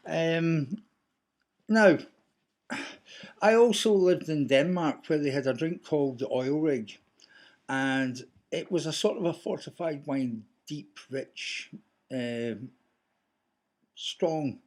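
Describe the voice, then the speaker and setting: A man's voice: on the high side, a little mellow. A Scottish man talking casually to camera in a rambling, anecdotal way. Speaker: vlogger.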